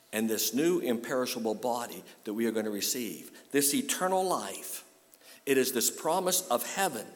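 A male pastor delivering a sermon, telling a story and then rising to a fervent call-and-response with his congregation. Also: mid-range voice. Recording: long hall reverb.

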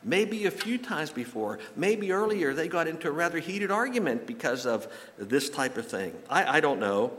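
A man delivers a sermon in a church, his voice landing at an ordinary middle pitch. He tells folksy stories and slips in jokes, sometimes stumbling over repeated words. A long reverb from the big hall trails after his words. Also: a bit bright. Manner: folksy storytelling with jokes, some halting repeats. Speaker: pastor. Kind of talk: sermon with anecdotes.

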